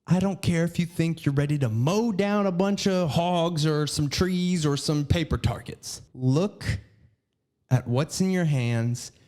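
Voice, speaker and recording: A man's voice: a little high, measured pace, a little mellow. A young man ranting profanely and scatteredly as a podcast host. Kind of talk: casual ranting commentary.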